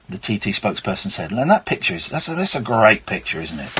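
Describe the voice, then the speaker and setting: Brief: male late-night radio host, husky, animated pitch, wry asides. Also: brisk, hardly any pauses. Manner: chatty, wry, reading news aloud with asides. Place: radio studio.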